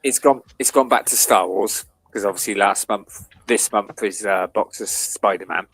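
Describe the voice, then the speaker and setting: A man's voice: fairly low pitch, normal speed, a bit bright, husky. A man co-hosting a live stream, talking casually and teasing out cryptic hints.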